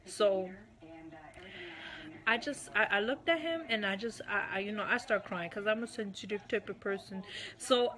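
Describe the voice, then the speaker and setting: A woman giving a candid personal account as a guest, unhurried and full of "um" and "you know". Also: mid-range voice, pushed and bright. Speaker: guest recounting her marriage.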